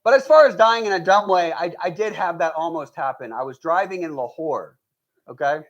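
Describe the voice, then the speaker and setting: A man's voice: fairly high pitch, brisk, highs cut off. A man performing a stand-up comedy set in front of a live audience, telling stories with lots of energy, acting out the people in them and laughing at his own jokes. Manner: animated storytelling, acts out quoted voices, laughs at own jokes. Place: live show before an audience.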